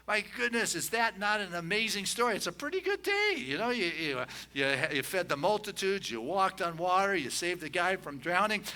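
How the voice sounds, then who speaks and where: A man giving a conversational sermon as a minister, telling a story in a folksy way with many "you know" asides and slowing down on his key points. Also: high-pitched, very animated, sharp tone. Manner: slows and rises on key points.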